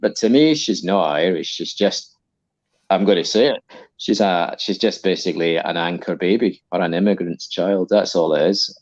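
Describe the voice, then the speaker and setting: A deep-voiced man joins a livestream as a guest and tells long, rambling anecdotes. His voice comes through slightly dull and lo-fi, like a remote call connection. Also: moderate pace. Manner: long-winded anecdotal storytelling. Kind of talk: casual live-stream chat.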